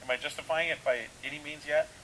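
A man's voice: on the high side, fairly even intonation, fast talker, fairly bright tone, rough recording. A man preaching a sermon in a casual, conversational way, full of rhetorical questions and restarts. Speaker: pastor.

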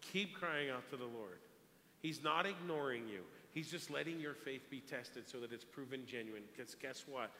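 A man preaching a sermon, telling a story in an animated way and repeating words as he goes. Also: mid-range voice, normal speed. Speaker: pastor. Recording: echoey hall, long reverb, faint hiss.

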